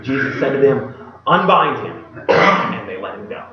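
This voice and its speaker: A male pastor giving a sermon and reading scripture aloud. He acts out the quoted speech in a casual modern voice and drops to a hushed voice at solemn moments. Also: medium pitch, very animated, moderate pace, background noise. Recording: echoey hall, distant mic, dull sound.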